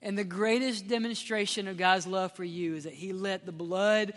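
A man preaching a sermon as pastor, passionate and swinging from loud appeals to hushed, near-whispered prayer. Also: sits high, normal speed, few pauses. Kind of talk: sermon with altar-call prayer. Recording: hall reverb with faint music.

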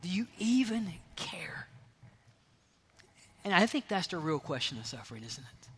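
A man preaching a sermon as pastor, passionate, swinging from loud, urgent lines to hushed near-whispers. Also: a little high. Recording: long reverb of a large hall.

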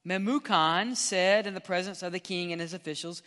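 A male pastor, preaching an impassioned sermon that swings between loud and hushed. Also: sits high, moderate pace, hardly any pauses, smooth, in a large hall.

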